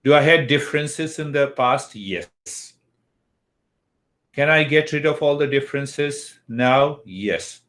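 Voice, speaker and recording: A man's voice: mid-range voice, a bit bright. An older man teaching a yoga philosophy lesson, who asks questions and answers them himself. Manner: slow and deliberate, asks and answers his own questions.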